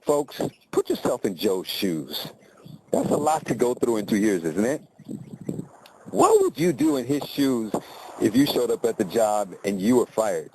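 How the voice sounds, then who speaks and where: A man's voice: lowish voice, very animated, measured pace, darkish tone, slight background noise, rough recording. A man telling a motivational story in a conversational way, often checking in with tag questions.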